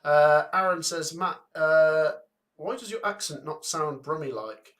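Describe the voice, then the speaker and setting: A young man with a Coventry accent hosting a live football watchalong, chatting and reading viewer comments and predictions out briskly. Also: on the high side, a bit bright. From England. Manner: chatty, reads out names and scores briskly.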